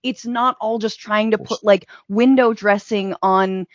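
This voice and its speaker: A woman guest on a podcast, pushing back quickly and playfully in casual debate. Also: medium pitch, steady tone, no echo, dull audio. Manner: quick, jokey pushback. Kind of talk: casual political discussion.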